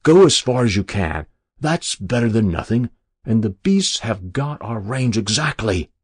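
A man voicing a shaken army adjutant who shouts in a raised, strained voice. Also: lowish voice, sing-song, unhurried, breathy edge, dry recording, clean studio sound, full character voice. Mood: urgent. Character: agitated male army adjutant, shaken and loud.

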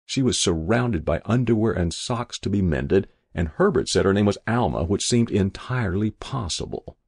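A man's voice: fairly low pitch, lively intonation, normal speed, gravelly, darkish tone, husky, no echo. A man reading a first-person story aloud in a dry narrator's voice. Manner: dry first-person narration, voicing each figure lightly.

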